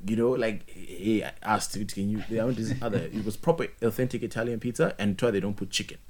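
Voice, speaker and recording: A young man, chatting casually, animated and joking, full of slang and repeated words. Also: on the low side, quick pace, a little hiss or hum. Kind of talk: casual chat.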